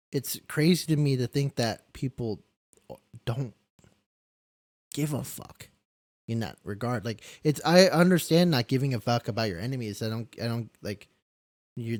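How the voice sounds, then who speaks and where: A man's voice: mid-range voice, darkish tone, no room sound. Candid young man, dry close voice. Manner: rambling and emotional, many restarts and swearing. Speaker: caregiver and podcast guest. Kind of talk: candid storytelling in a live-streamed interview.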